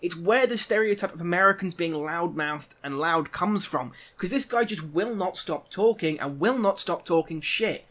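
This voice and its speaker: Irish YouTuber, fairly high voice, ranting commentary over game clips. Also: male voice, moderate pace, hardly any pauses, a bit bright. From Ireland. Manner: indignant, ranting. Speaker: gaming YouTuber. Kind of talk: commentary over gameplay footage.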